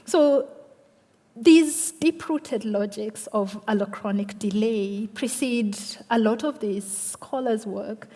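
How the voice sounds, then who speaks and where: A woman scholar delivers an academic lecture in a measured way, often checking in with her listeners and circling back over her words. Her voice is mellow and relaxed at a middling pitch. The sound rings with the long reverb of a large lecture hall. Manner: measured, adds tag questions and repeats words. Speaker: lecture respondent, literary studies scholar.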